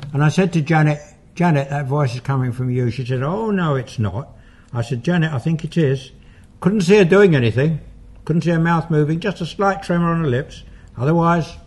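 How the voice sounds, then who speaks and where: A man working as a paranormal investigator, calmly recounting his experiments in a measured, explanatory way. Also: on the high side, husky.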